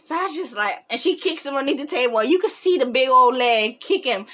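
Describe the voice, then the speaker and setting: A young woman telling a story in casual storytime style, animated and quick to laugh. Her voice is high and bright, recorded close to the mic.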